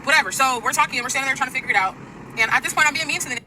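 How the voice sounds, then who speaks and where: A young woman telling a dating story in a fast, profane, exasperated casual rant. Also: high-pitched, pushed and bright, recorded from a distance, poor audio. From US Pacific Northwest. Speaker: storyteller in stitched clip. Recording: street traffic noise behind.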